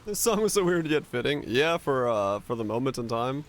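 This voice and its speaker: A man's voice: mid-range voice, very animated, moderate pace. Rambling male streamer chatting with chat. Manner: rambling, lots of "like" fillers. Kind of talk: casual livestream chat with viewers.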